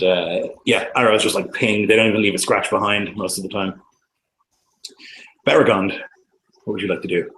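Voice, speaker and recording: Low-voiced male game master, casual, chatty, faint hiss behind. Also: fairly bright tone, low-quality recording. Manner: casual, lots of fillers and sound effects. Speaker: dungeon master. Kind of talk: narrating a tabletop game.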